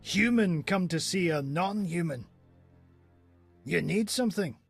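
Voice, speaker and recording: A gruff, bitter dwarf blacksmith in a video game. He grumbles indignantly in a rather high, raspy and gravelly voice. Faint game music plays behind him. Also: animated, a little slow, exaggerated voice. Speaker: game character.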